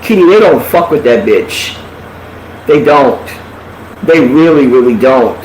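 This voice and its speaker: A man's voice: medium pitch, unhurried. A man telling blunt, profane gossip stories in a casual live chat, talking animatedly. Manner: blunt, animated storytelling with lots of cursing. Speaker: live chat show host. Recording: echoey room, faint background hiss.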